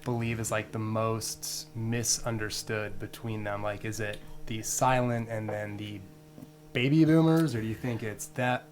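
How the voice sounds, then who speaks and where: A man's voice: lowish voice, fairly even intonation, unhurried, slight background noise. A young man talking casually on a podcast, plainly recounting a story. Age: young adult. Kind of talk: casual chat.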